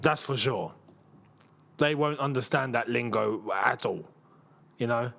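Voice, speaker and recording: A man's voice: medium pitch, unhurried, creaky, fairly bright tone, slight background noise. A young man hosting a live football watchalong, chatting casually, laughing often and using slangy banter. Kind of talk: casual live match commentary and chat.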